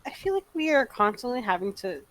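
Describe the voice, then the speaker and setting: A woman's voice: fairly high pitch, big pitch swings, brisk, fairly bright tone. A woman with a New York accent chatting at a tabletop game, giggly and laughing often. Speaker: player. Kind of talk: casual chat at a tabletop game.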